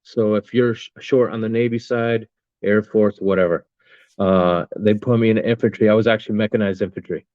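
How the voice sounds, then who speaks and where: A man in his fifties, a veteran appearing as a podcast guest, tells his story in a casual interview, bluntly, with heavy swearing and lots of fillers. His voice is lowish, steady, slightly mellow and a bit fast. The recording is muffled but has no echo.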